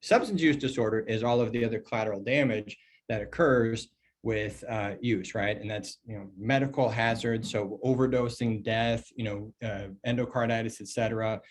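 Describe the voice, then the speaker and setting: A man's voice: fairly low pitch, normal speed. A middle-aged man, an emergency physician and toxicologist, giving a recorded medical training lecture in a loose, conversational way with lots of fillers. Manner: conversational and animated, many fillers, mock dialogues in a put-on voice.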